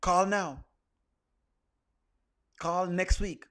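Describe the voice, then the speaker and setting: A man doing a deep solemn infomercial announcer. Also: fairly bright tone, full character voice. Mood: solemn pitch. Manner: slow, drawn-out sales pitch. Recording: roomy echo.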